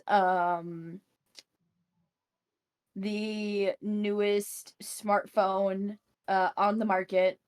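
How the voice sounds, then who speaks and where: A woman's voice: mid-range voice, clear, resonant tone. A woman casually narrating her character's actions in a tabletop game. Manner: quick, playful, casual. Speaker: player.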